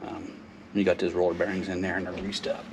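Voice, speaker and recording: A man's voice: deep voice, level tone, quick pace, vocal fry, very noisy. A man casually explaining a car repair as he works in his garage, folksy and rambling with lots of fillers, moving near and away from the camera mic. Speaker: car mechanic vlogger. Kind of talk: casual how-to narration while working. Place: home garage, working on a car.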